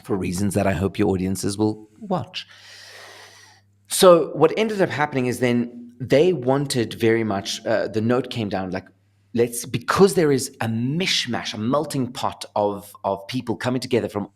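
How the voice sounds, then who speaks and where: A man's voice: medium pitch, a little slow. A young man with a South African accent tells stories with energy. He talks casually and laughs between points. His voice sits in the middle range. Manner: animated storyteller, laughing, acting out voices. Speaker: actor, interview guest. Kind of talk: casual interview talk.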